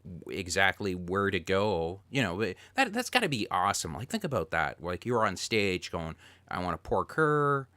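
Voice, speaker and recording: Male podcast host, lively up-and-down voice, dry close sound, swears a lot. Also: low voice, moderate pace, few pauses, no room sound. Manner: loose, swearing, excitable. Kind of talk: casual podcast chat.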